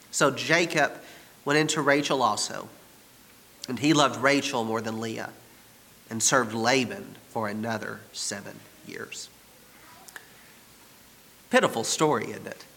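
A man's voice: mid-range voice, sharp tone. A man teaching a Bible study, reading a passage aloud and commenting on it in a wry, conversational way. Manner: conversational, wry, laughs at the text. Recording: long hall reverb.

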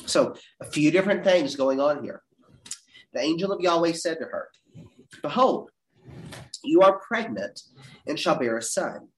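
A man teaching a Bible class, reading verses aloud with dramatic leaps in pitch. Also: animated, measured pace, long pauses. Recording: roomy echo.

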